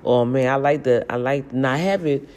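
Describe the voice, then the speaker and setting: A middle-aged woman, chatting casually in a storytelling vlog from a home kitchen, animated and laughing at herself. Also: extremely low pitch, normal speed. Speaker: vlogger.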